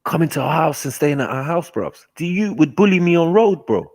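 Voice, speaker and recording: A man telling stories in a casual chat, animated and slangy, laughing often. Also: on the high side, fairly quick, no room sound. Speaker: host.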